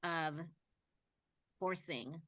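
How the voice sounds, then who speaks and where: A woman's voice: low voice, very slow, fairly bright tone, no room sound. A woman hosting an interview podcast, affirming her guest in casual talk. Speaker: podcast host.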